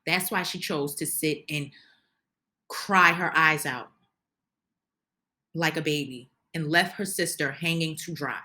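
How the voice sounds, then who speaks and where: A woman's voice: low-pitched, unhurried, long pauses, bright, forceful tone. A woman giving an opinionated recap of a reality show, ranting heatedly and indignantly, often restarting her sentences. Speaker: reality TV commentator.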